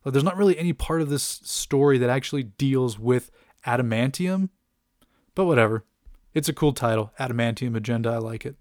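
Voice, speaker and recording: A man's voice: mid-range voice, a little mellow, no echo, clean studio sound. A young man casually recapping a comic book, chatty with many fillers and asides.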